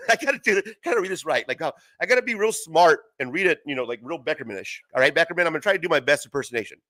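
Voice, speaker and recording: A man's voice: a little high, animated, very fast, bright, forceful tone, no room sound. A young man hosting a casual livestream from home, rambling through stories with heavy profanity and frequent laughter. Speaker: livestream host.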